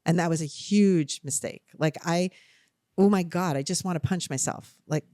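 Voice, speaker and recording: A young adult woman with a New Jersey accent, co-hosting a podcast in casual chat, telling a story in an animated, self-deprecating way. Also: on the low side, moderate pace, no echo, studio quality. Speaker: podcast co-host.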